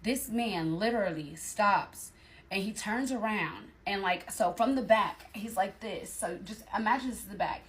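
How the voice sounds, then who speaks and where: A young woman telling a story in a casual, animated, slangy way, speaking straight to her viewers. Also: mid-range voice, normal speed, a little hiss or hum.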